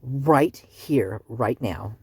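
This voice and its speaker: A true-crime commentary channel host vlogs from home, with outdoor work going on nearby, ranting heatedly about news stories, calling people out and tossing in sarcastic asides. The voice is medium-pitched, expressive, mellow and husky, delivered extremely slowly, in clean studio sound with no room echo.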